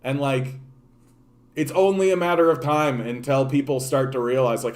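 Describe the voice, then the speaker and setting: A man's voice: medium pitch, moderate pace. A man from Canada hosting a political livestream, ranting casually with profanity and many restarts. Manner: profane, animated, repeats and restarts words.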